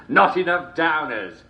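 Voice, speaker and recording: Uncle Jack, a chuckling show host. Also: male voice, fairly high pitch, highs cut off, full character voice. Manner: chuckles constantly between lines, chummy showman patter. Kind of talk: video game character performance.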